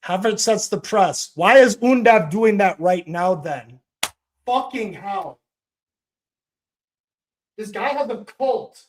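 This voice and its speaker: A man's voice: high voice, lively intonation, slow pace, long pauses. A man hosting a live watch-along stream, giving casual commentary in a profane, ranting, mocking way.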